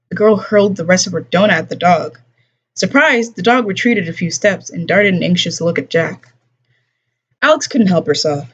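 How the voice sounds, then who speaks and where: A woman streamer reads a novel aloud in an unhurried, plain narrating voice, now and then tossing in offhand asides. Her tone is a little breathy and husky. The audio is dull and lo-fi, like a home stream mic. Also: on the low side, animated. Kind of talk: casual read-aloud of a novel.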